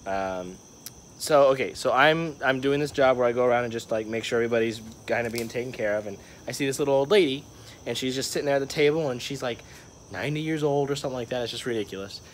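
Talking into his vlog camera, a young man rambles through a story in a casual monologue. He uses "like" and "um" constantly. His voice sits in the mid range, and a little hiss or hum can be heard.

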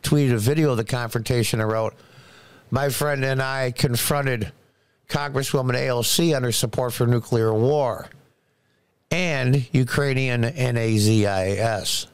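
A man's voice: mid-range voice, a little slow, smooth, dry recording. Scornful male commentator, dry close voice. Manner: scornful, sarcastic, repeats words for emphasis. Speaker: political commentary host. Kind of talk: opinionated political commentary.

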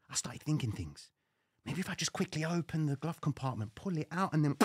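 A man hosting a live stream, telling a dramatic personal story with lively slang. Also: a little high, a little fast, slightly rough, no room sound, studio quality. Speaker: trading show host.

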